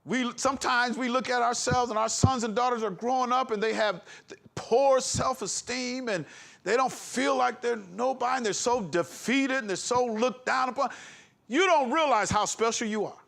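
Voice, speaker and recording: High-voiced impassioned man preaching. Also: normal speed, gravelly, fairly bright tone. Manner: impassioned, emphatic, with laughs. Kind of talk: sermon. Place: congregation hall.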